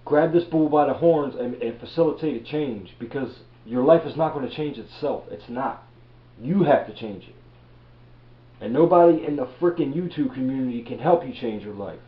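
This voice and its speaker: A man's voice: medium pitch, normal speed. Blunt, profane man ranting in an echoey room. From Baltimore, USA. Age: 30s. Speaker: reseller vlogger. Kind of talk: blunt motivational rant. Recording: echoey room, dull lo-fi audio.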